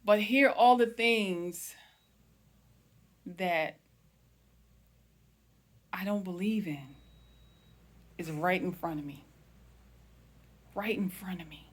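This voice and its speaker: A woman hosting a wellness channel, telling a personal story in a slow, reflective way, often calling her viewers family and trailing off into hushed pauses. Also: lowish voice.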